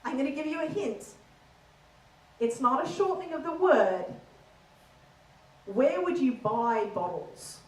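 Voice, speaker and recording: A woman's voice: sits high, lively intonation, unhurried, long pauses, reverberant, distant mic, low-quality recording. A woman doing a stand-up comedy set in an Australian accent, playful and teasing the audience in a comedy theater.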